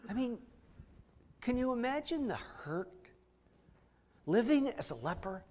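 A man's voice: very high voice, big pitch swings, a little slow, pauses often, darkish tone. A middle-aged man preaching a sermon, telling a story vividly with frequent word repeats. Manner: vivid storytelling, repeats words, acts out voices.

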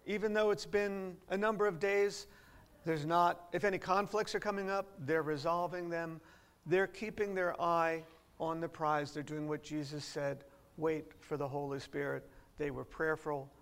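A man with a rather high-pitched voice delivers a teaching sermon in church. His tone has a gravelly, fry-edged texture as he unpacks scripture piece by piece and poses rhetorical questions to his seated listeners. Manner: explains verse by verse, asks rhetorical questions. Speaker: pastor. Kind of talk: expository sermon. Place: church before a seated congregation.

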